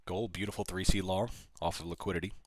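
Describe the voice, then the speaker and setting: A man's voice: low voice, fairly even intonation, quick pace, no room sound. A man hosting a live day-trading stream, calling price levels and answering chat questions in a chatty way. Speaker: livestream day-trading host. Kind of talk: live market commentary. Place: small studio.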